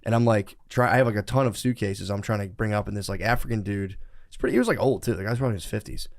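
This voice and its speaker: A man telling a rowdy story on a casual podcast, profane and animated. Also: fairly low pitch, gravelly. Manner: fast, profane, animated storytelling with acted quotes. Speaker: podcast co-host.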